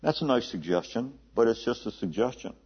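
Husky conversational male preacher. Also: medium pitch, expressive. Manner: conversational, repeats words, slows to stress scripture. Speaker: pastor. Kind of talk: sermon. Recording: dull lo-fi recording.

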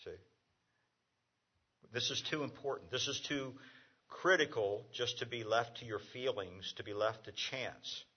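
A man preaching a conversational sermon as a pastor, halting with fillers and restarts. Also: mid-range voice, slightly rough, dull audio.

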